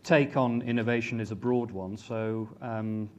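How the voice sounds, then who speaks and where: A man speaking as an academic panelist at a conference, giving measured and articulate explanations. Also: mid-range voice, fairly even intonation. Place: conference stage. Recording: dull, lo-fi recording with faint noise.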